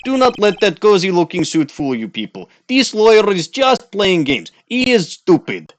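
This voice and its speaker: Casting: a man as a bombastic Russian-accented game villain, high and brash, lively swings. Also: moderate pace. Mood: blustering. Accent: Russian (put on). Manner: loud, gloating, calls everyone comrade. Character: blustering Russian-accented male villain witness. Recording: faint music behind.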